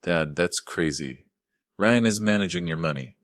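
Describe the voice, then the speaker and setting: A man's voice: deep voice, animated, moderate pace, dry recording, clean studio sound. A man voicing a grown daughter in a dramatized story, pleading and anxious. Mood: defensive. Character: young adult woman, the narrator's daughter.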